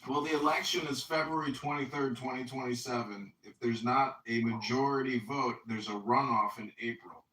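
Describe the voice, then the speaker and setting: A man chatting casually as a political candidate, greeting friends with booming warmth. His voice is bright and cutting. It comes through distant and echoey. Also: moderate pace, hardly any pauses. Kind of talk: casual chat on a voice chat app.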